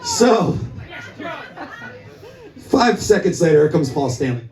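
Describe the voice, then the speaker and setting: A man's voice: fairly high pitch, sing-song, slow, darkish tone. A man who plays music, telling a long, rambling, swear-filled anecdote to a crowd from the stage of a small club. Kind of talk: onstage storytelling at a live gig. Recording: echoey club, from a distance.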